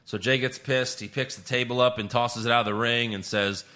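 A man's voice: medium pitch, steady tone, fairly quick, hardly any pauses, sharp tone. A man co-hosting a podcast, recapping wrestling in loose, profane, sarcastic casual chat. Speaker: podcast co-host.

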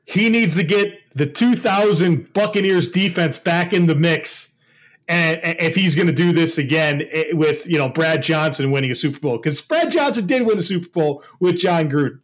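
A man co-hosting a football podcast, chatting casually and giving confident, animated analysis. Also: on the high side, moderate pace. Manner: confident, animated football analysis, calls his co-host "brother". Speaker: podcast co-host. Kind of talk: casual sports podcast chat.

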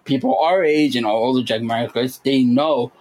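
A man co-hosting a casual podcast chat, animated and jumping into high voices when he quotes people. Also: normal speed, low-quality recording. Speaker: podcast co-host.

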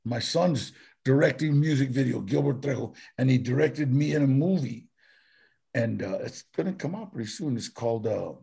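A man's voice: medium pitch, animated, moderate pace, creaky, mellow, breathy edge. An older man, telling stories as a guest in a casual interview, rambling and laughing. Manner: rambling, laughing, full of "you know" and "man". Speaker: guest actor.

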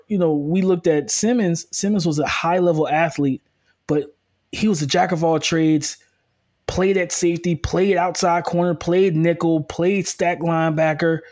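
A man co-hosting a casual sports podcast, giving energetic, quick football breakdowns with frequent restarts. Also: on the high side. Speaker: co-host, football analyst. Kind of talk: casual sports analysis chat.

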